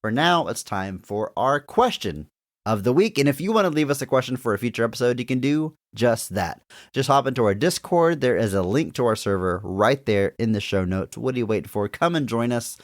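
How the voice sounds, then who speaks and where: A man's voice: medium pitch, a little fast, no echo, studio quality. A man hosting a podcast, giving upbeat announcements and chatting casually. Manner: lively, upbeat show announcements. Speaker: podcast host. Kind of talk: casual chat.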